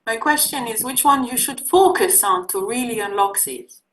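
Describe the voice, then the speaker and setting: A woman teaching a class on sales, talking loosely and often pausing with fillers as she explains. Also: on the high side, expressive, a bit bright, low-quality recording. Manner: conversational, searching for words with many fillers. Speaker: instructor. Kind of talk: online class lecture.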